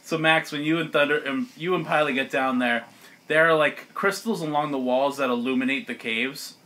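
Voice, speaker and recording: A man's voice: on the high side, moderate pace, bright, forceful tone. A man running a tabletop game as game master, narrating in a casual, rambling way with lots of fillers and laughs.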